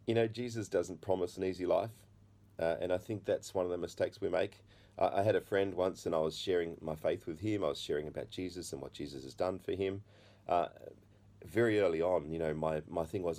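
A middle-aged man telling an earnest, halting testimony in a sermon, full of fillers and restarts. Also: sits low, darkish tone. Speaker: preacher.

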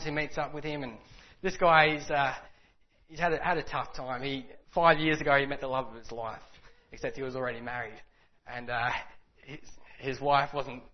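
A man preaching in a casual, conversational way, telling a story and acting out the people in it, with many fillers. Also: on the high side. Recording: dull lo-fi sound.

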